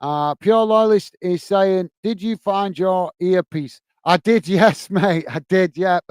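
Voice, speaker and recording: A man's voice: high-pitched, slow, a little mellow, clear, resonant tone, no echo. Chatty British man hosting a match watch-along. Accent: British English. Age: adult, working age. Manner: chatty, reads out viewer comments, calls everyone mate. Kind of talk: casual live commentary and chat. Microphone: earpiece and close mic.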